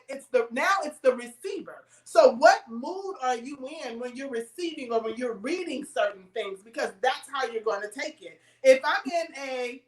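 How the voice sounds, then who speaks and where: A woman's voice: sits high, roomy sound, distant mic, low-quality recording. A woman talking in a casual chat, emphatic and full of stories, laughing as she goes.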